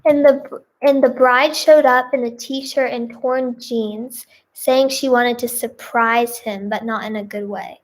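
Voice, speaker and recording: A woman's voice: fairly high pitch, steady tone, a little slow. A woman giving casual reaction commentary, reading posts aloud with giggly, exclamatory remarks. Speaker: singer and video creator.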